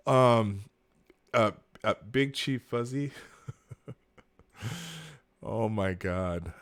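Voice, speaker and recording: A man's voice: mid-range voice, sing-song, extremely slow, long pauses, fairly bright tone. A man hosting a live morning show, rambling and sarcastic as he comments, with plenty of fillers and frequent laughter. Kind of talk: casual live-stream commentary.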